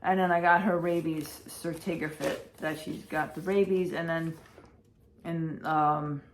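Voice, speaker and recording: A woman's voice: sits low, steady tone, unhurried. A woman vlogging casually at home, rambling and repeating herself in an anxious, emotional way. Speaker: vlogger and pet owner. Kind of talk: casual day-in-the-life vlog. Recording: roomy with faint background noise.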